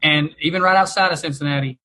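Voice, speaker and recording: Bright-voiced man with wry quips. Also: fairly high pitch, fast, poor audio. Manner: wry, teasing interjections. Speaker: podcast co-host. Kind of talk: casual chat.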